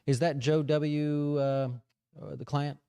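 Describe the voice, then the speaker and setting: A man hosting a casual market commentary show, chatty and animated, often checking in with "right?". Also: fairly high pitch, takes it slowly, creaky, smooth, no room sound, clean studio sound. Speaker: financial advisor show host.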